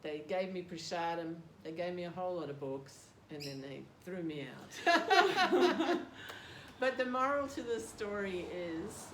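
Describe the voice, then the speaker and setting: An older woman with an Australian accent and a darkish, lowish voice speaks at a normal pace with hardly any pauses. As a devotee in a casual interview, she tells a story, laughing and making fun of herself. The audio has a roomy quality with background noise.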